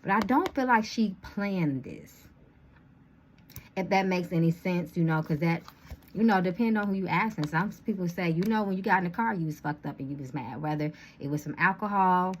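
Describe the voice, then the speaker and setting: A woman's voice: lowish voice, fairly quick, a little hiss or hum. A woman reading tarot cards to her viewers in a casual chatty way, with a slight lisp from dental retainers. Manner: chatty, addresses viewers as y'all, thinks aloud. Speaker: tarot reader.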